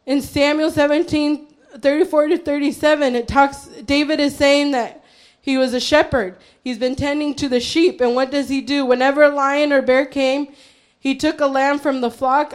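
A woman's voice: sits high, level tone, moderate pace. A woman preaching an impassioned sermon, her voice straining as she builds to fervent cries. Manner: fervent, rising to shouts and cries.

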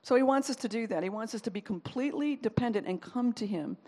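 A woman's voice: fairly high pitch, fast, darkish tone. A woman giving a chatty personal faith testimony, laughing often and stopping to search for words. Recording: long reverb, as in a large hall.

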